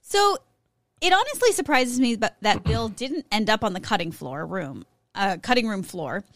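A woman's voice: on the high side, big pitch swings, normal speed, fairly bright tone, no room sound, clean studio sound. A woman co-hosting a podcast, reading a prepared segment in a casual way, with small slips and self-corrections. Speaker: podcast co-host presenting a segment.

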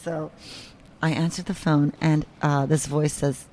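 A woman guest in an interview, telling a story in a casual, animated way, swearing freely and acting out the voices of people she quotes. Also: low-pitched, measured pace, slight background noise.

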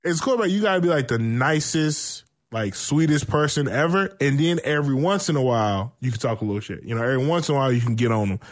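A man chatting casually about football, animated and profane, telling stories and laughing often. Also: medium pitch, quick pace, hardly any pauses. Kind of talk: casual sports chat.

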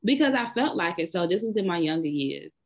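A woman's voice: fairly low pitch, big pitch swings, brisk, muffled recording. A woman with a Southern US accent, co-hosting a casual chat and telling bold, blunt stories. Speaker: podcast co-host.

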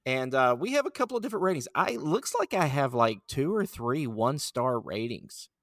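A man hosting a casual podcast chat, relaxed and laughing easily. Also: medium pitch, moderate pace, no room sound, clean studio sound. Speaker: podcast host.

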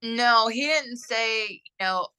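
A woman answering interview questions about her missing brother, hesitant and halting with many fillers. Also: on the high side, pushed and bright, clear, resonant tone, poor audio. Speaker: interviewee, sibling of a missing man. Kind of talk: recorded interview.

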